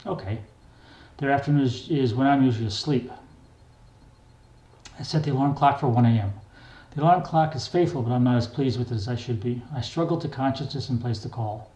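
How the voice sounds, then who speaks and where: An older man reads his own memoir aloud in a plain, wry, unhurried way. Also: medium pitch, mellow. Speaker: memoir reader. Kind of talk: memoir narration. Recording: echoey room.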